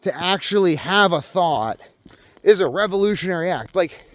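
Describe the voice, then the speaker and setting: Young male vlogger, high-pitched, profane emphatic ranting monologue. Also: expressive, normal speed, a bit bright, a little hiss or hum.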